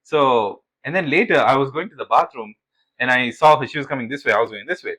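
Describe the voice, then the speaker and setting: A young man co-hosts a podcast, talking fast at a medium pitch over poor audio. He tells animated stories in casual chat, acting out quotes and swearing along the way.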